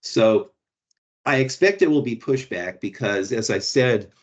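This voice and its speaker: A man's voice: mid-range voice, animated, measured pace, highs cut off. A man presenting, answering audience questions in a hesitant, explanatory way with many restarts. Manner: hesitant, restarts, frequent "you know" and "right". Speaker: guest presenter. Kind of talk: academic Q&A answers.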